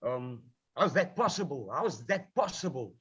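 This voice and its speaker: A man speaks heatedly about his craft, swearing freely and circling back over his points. His voice sits a bit high for a man. The sound is dull and muffled, as if it came over a video call. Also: big pitch swings, normal speed, fairly bright tone, breathy edge. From South Africa. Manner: passionate, profane, repeats himself. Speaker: rapper, film subject. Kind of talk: heated panel discussion.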